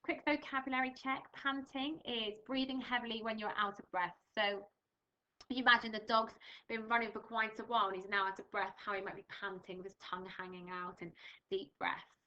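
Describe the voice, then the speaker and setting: A woman's voice: medium pitch, flat delivery, fairly quick, sharp tone, muffled recording. A young English woman teaching a primary school reading lesson, patiently explaining words and reading a storybook aloud with expression. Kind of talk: recorded remote reading lesson.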